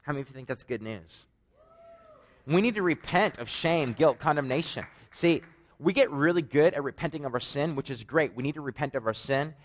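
A man's voice: fairly high pitch, a little fast, slight background noise. A man with a Canadian accent preaches a conversational sermon, telling stories with joking asides. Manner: animated storytelling, joking asides.

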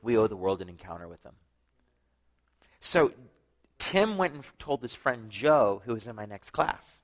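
A man preaching a sermon, telling his own story with lively acted-out dialogue and frequent drops to a hushed voice. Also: lowish voice, moderate pace, poor audio. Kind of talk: sermon with personal testimony.

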